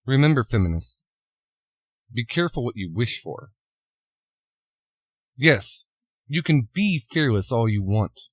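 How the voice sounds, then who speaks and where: A man's voice: mid-range voice, very animated, a little slow, long pauses, dry recording, studio quality. A man giving an opinion monologue, retelling a film scene in a preachy, sarcastic way. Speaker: commentator.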